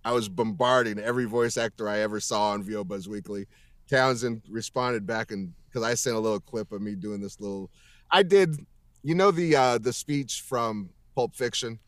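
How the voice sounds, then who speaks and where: On a casual video call, a voice actor guest speaks in a lowish voice at a moderate pace with no echo. He curses constantly, stresses his points emphatically, and wanders off with frequent restarts.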